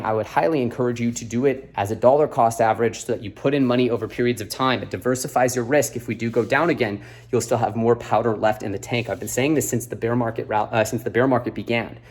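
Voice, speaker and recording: A man's voice: mid-range voice, fast talker. A man hosting a video update, a little out of breath after a workout, talking earnestly and bluntly with lots of fillers. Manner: earnest, lecturing, blunt advice with many fillers. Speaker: crypto video host. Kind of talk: casual straight-to-camera update. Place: beside an exercise machine.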